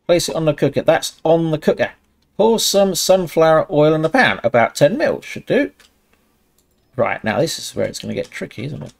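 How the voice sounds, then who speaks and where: A man narrates his own gameplay, cursing often and talking himself through each step. His pitch swings widely, and he jumps into high yelps when something goes wrong. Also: big pitch swings, measured pace, gravelly. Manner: swears a lot, talks himself through the tasks. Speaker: gaming channel host. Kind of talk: casual gameplay commentary.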